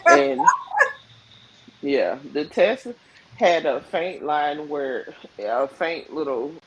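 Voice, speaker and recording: Animated woman telling a story. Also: low-pitched, very slow, highs cut off, slight background noise. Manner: animated storyteller who acts out quoted voices. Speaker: live stream panelist. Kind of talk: casual chat. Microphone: video call.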